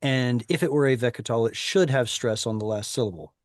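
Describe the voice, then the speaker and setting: A man's voice: mid-range voice, brisk, dry recording. Man, teacher, patient explanations, lots of um and uh, video call audio, dry sound. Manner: patient, explanatory, with frequent fillers. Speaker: Hebrew teacher. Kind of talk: online class instruction.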